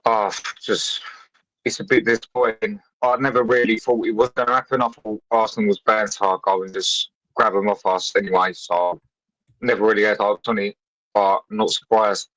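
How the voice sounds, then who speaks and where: Calm, low-voiced caller. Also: male voice, moderate pace, no room sound, rough recording. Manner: calm, resigned, matter-of-fact. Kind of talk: casual call-in chat.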